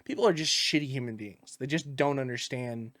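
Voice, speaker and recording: A man's voice: mid-range voice, brisk, dry recording, clean studio sound. A man telling stories in a casual podcast, swearing a lot and laughing often. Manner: profane, animated storyteller who laughs often. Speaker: podcast co-host.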